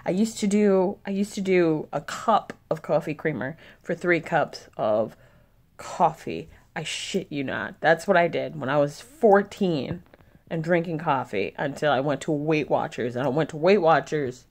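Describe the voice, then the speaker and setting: A woman's voice: low voice, unhurried. A young woman vlogging casually, venting in an irritated way and swearing often. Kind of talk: casual vlog chat.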